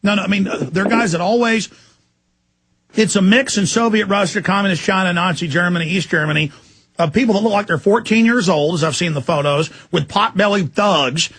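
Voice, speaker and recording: A man hosting a talk radio show, forceful and emphatic, cutting in on his guest. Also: high voice, fairly quick, breathy edge, dry recording.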